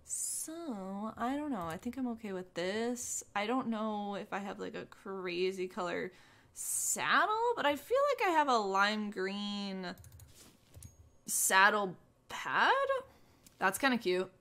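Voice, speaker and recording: A woman's voice: mid-range voice, animated, takes it slowly, pushed and bright. A young woman casually commenting on her gameplay, bubbly and gushing, full of "oh my gosh" and "like". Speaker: gaming YouTuber.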